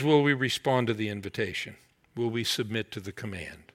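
A man preaching a sermon, earnest and emphatic, easing into a slow, heartfelt prayer. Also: on the low side, fairly bright tone. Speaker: pastor.

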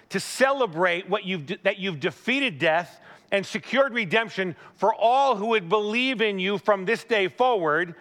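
Male pastor, high and bright voice, chatty sermon with lively asides. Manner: animated storytelling, asks the listener questions. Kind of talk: conversational sermon.

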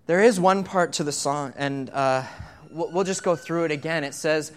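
A man's voice: a little high, normal speed. A man gives a sermon in a church, asking the congregation questions and drawing them in. His delivery is conversational, and he often repeats words as he starts a phrase. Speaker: pastor. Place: church sanctuary.

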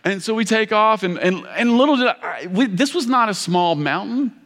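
A man from Kentucky preaching a sermon, telling a story in an animated, rambling, self-mocking way with many restarts. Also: sits high, normal speed. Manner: loud. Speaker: pastor. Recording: reverberant hall.

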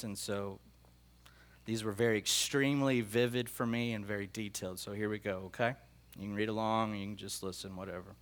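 With a medium-pitched voice that's a bit bright, a middle-aged pastor shares prophetic dreams from the pulpit. He speaks earnestly and emotionally, and his phrases often get repeated or begun again.

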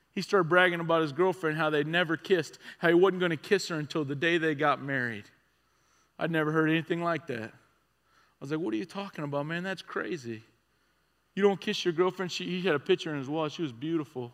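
A man preaching a sermon as a conversational story, swinging from excited and loud to hushed and quiet. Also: fairly high pitch. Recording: long reverb of a large hall.

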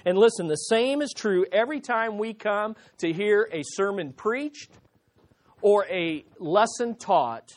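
A middle-aged man preaching a sermon, telling a personal story with frequent restarts and repeated words, slowing down to stress key lines. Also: sits high, animated. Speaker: pastor.

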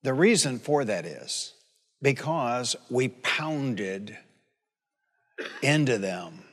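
A man's voice: medium pitch, sing-song, extremely slow, fairly bright tone, slightly rough. Folksy pastor in his sixties, reverberant hall. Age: 60s. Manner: folksy, conversational preaching with asides and call-and-response questions. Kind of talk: sermon. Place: church sanctuary.

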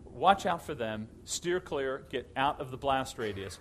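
Middle-aged guy preaching, really lively up and down voice, faint hiss behind. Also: medium pitch, measured pace, hardly any pauses. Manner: animated storytelling with repeated restarts. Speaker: pastor. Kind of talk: sermon.

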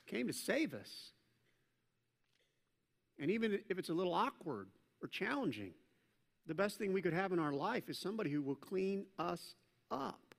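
A man preaching a sermon as pastor, swinging from loud emphatic peaks down to low, quiet stretches. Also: sing-song, moderate pace, gravelly, long pauses. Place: church sanctuary. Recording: long hall reverb.

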